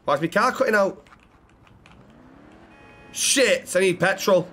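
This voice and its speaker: A man with a high, light voice streams a role-play game live. He swears constantly as he plays. Between moves he rattles off quick thanks to his viewers. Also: fairly bright tone. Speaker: livestreamer.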